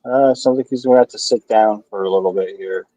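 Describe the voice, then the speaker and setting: A man's voice: lowish voice, quick pace, dark tone, no room sound, highs cut off. A man co-hosting a beer review live stream, filling the gaps with dry joking commentary in casual chat. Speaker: beer review podcast co-host.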